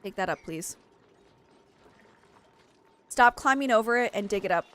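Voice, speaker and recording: A young woman streaming a game, frantic and excitable, laughing at her own stress. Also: mid-range voice, a little slow. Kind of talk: gameplay commentary.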